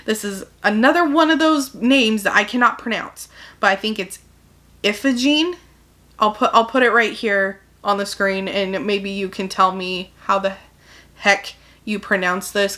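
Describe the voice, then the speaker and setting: Bright-voiced chatty woman reviewer. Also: mid-range voice, steady tone, normal speed. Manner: chatty, peppered with "like", acts out quotes. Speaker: book reviewer. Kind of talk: casual plot summary.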